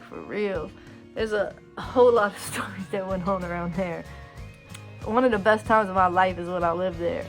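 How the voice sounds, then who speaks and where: A woman casually telling funny personal stories to her viewers, acting out what people said in a raised voice. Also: medium pitch. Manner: animated, acts out quotes in a raised voice. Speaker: storyteller vlogger. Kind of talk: casual storytime chat.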